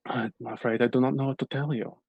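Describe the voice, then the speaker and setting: A man voicing a weary, kindly male villager who speaks in a calm, measured and somber way. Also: mid-range voice, vocal fry, husky, dry recording, narrow, tinny audio.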